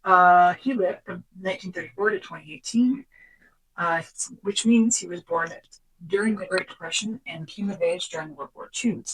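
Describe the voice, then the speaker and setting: Here a co-host on a podcast runs through notes in a relaxed, animated chat, dropping to a whisper at times for quotes. Her mid-range voice moves at a moderate pace with a breathy edge, and the recording quality is low.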